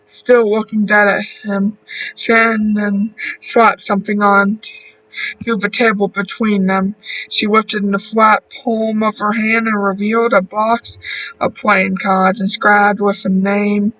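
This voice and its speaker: A man reading a horror story aloud, slow and deliberate, with a few small restarts. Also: high voice, level tone, bright, forceful tone, distant mic, poor audio. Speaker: narrator.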